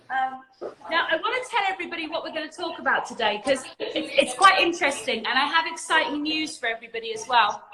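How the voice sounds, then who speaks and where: Bright, breathless woman hosting a live. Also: sits high, roomy sound, rough recording. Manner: warm, chatty, calls viewers darling. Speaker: livestream host. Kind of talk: casual live chat.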